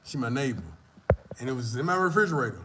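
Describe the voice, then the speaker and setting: A man's voice: medium pitch, sing-song, quick pace, background noise. A young man chatting on a live stream, telling a rambling, profane story in a loose, casual way. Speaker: vlogger answering live chat.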